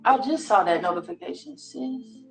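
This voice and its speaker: A woman's voice: on the high side, animated, moderate pace. A woman hosting a casual live stream, slangy, playful and coaxing. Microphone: phone. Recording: echoey room with faint music.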